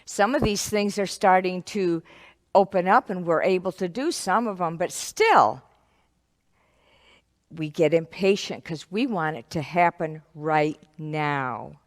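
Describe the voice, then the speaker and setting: Children's ministry teacher, woman, slow and very animated, long echo. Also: fairly low pitch. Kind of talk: children's Bible story. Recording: echoey hall.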